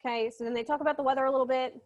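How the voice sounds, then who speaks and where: Woman, literature instructor, casual lecture, sarcastic asides, mild swearing, fairly high voice. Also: steady tone, very fast. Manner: breaks off to scold a child nearby. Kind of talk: casual recorded lecture retelling a short story.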